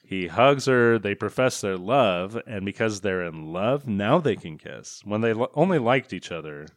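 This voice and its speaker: A man's voice: on the low side, expressive, normal speed, dry recording, clean studio sound. A man co-hosting a comedy podcast, recapping a film in a sarcastic, profane, mocking way.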